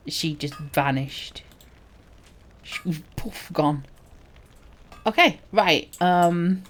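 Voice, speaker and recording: A woman's voice: fairly low pitch, very slow, long pauses. Chatty woman streaming a game. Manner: chatty, playful asides. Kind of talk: casual gameplay commentary.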